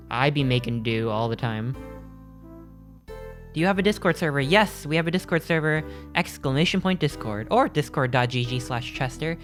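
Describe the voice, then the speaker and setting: A man's voice: medium pitch, a bit bright. A man streaming, chatting casually with his live chat in a rambling, joking way, often stopping mid-sentence to restart. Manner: rambling, jokey, self-interrupting.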